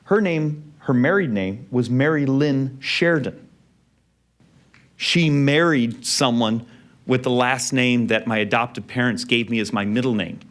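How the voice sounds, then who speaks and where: A man's voice: mid-range voice, unhurried. Man telling a personal story. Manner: warm anecdotal storytelling with quiet emotional passages. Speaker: speaker. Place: event venue.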